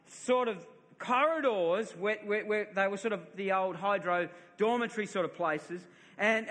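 Aussie pastor guy preaching, middle-aged, high bright voice, stumbles and repeats words a lot, big hall echo. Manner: storytelling, repeats words, laughs at himself. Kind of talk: sermon. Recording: long reverb of a large hall.

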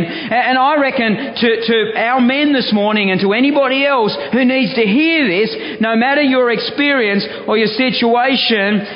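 A male pastor preaching a sermon, reading scripture aloud with animated delivery and frequent restarts. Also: very high-pitched, normal speed, hardly any pauses. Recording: echoey hall, dull sound.

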